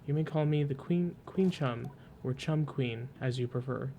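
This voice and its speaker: A man voicing a gentle, motherly female queen of desert creatures, speaking graciously and formally over soft game music. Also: medium pitch, moderate pace, highs cut off, slight background noise, lightly acted. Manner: gracious, cooing, slightly formal.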